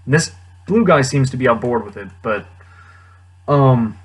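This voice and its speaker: Young man reviewing a film, husky, slightly breathy tone, loose and wry delivery with frequent chuckles. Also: medium pitch, expressive, a little slow. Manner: rambling, wry, chuckling often. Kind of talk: casual movie commentary.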